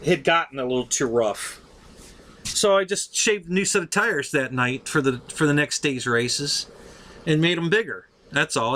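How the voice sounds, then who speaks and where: A man's voice: a little high, a bit bright. A middle-aged man telling a story casually, laughing often, swearing freely, and acting out what people said. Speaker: show host telling a story.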